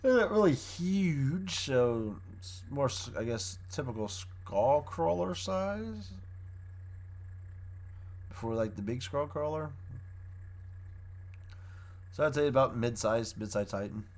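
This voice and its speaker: A man's voice: mid-range voice, expressive, takes it slowly, long pauses, a little mellow. Rambling man recapping a show. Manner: rambling, self-correcting plot recap. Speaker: show reviewer. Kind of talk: casual spoken review.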